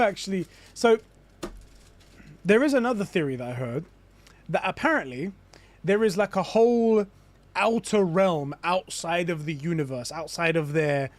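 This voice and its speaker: A young man streams games and chats casually, rambling through his theories and restarting often. His voice is a little high, with no room sound.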